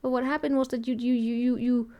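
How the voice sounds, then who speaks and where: A woman's voice: on the high side, flat delivery, fairly quick, muffled recording. A woman giving a casual tarot reading, thinking aloud and rambling with many restarts. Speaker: tarot reader.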